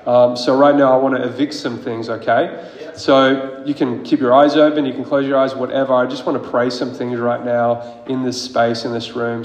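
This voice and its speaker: A man preaches to a congregation, chatty and informal as he tells stories, then fervent as he prays. His voice sits at a middle pitch. The long reverb of a large hall hangs around every word. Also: little pitch movement, normal speed. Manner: informal storytelling, rising into fervent prayer. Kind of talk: sermon with testimony and prayer. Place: church hall.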